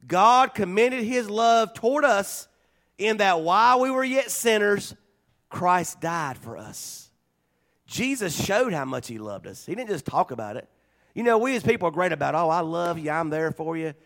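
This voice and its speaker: A man preaching a sermon as pastor, swinging between loud declarations and quiet, conversational asides. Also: a little high, gravelly.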